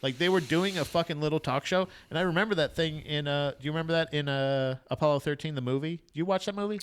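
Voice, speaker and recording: A man's voice: a little high, quick pace, smooth. A young adult man co-hosting a casual podcast, telling a history story with lots of fillers and swearing. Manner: profane, rambling storyteller with frequent fillers. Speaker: podcast co-host.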